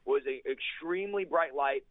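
A man giving an intense, fast-paced personal testimony as an interview guest, driving his points home with emphatic repetition. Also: fairly high pitch, dry recording. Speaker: guest preacher sharing a testimony. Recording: tinny, dry phone-like line.

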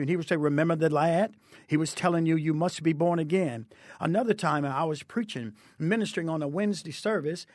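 A man's voice: sits high, no room sound, clean studio sound. Earnest preacher man telling his testimony. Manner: fervent, preacherly, rising emphatic delivery. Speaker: preacher guest. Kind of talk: testimony in a Christian TV interview.

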